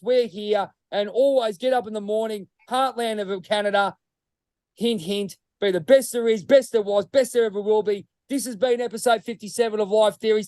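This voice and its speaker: A man's voice: high voice, a little mellow, smooth, no room sound. An Australian man co-hosting a casual podcast, rambling and tossing "mate" into nearly every line, swearing freely. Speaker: podcast co-host.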